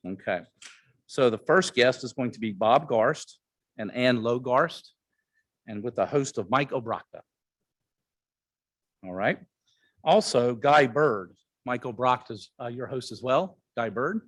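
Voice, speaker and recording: A man's voice: mid-range voice, lively intonation, unhurried, long pauses, a bit bright, no echo. A man, a new club member, introducing guests at a meeting in a hesitant way with many fillers. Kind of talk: reading names at a club meeting.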